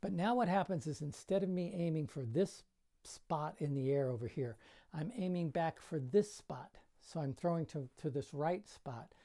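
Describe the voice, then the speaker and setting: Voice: mid-range voice, moderate pace, warm tone. An older juggling coach giving a casual tutorial in a bedroom, counting throws aloud as he demonstrates and coaching in plain, encouraging words.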